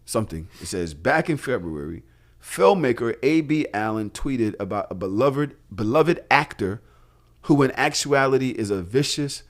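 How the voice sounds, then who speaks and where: Animated man telling a story on a podcast. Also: mid-range voice, moderate pace. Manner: animated storytelling, acts out quotes, swears freely. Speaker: podcast host. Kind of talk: casual chat.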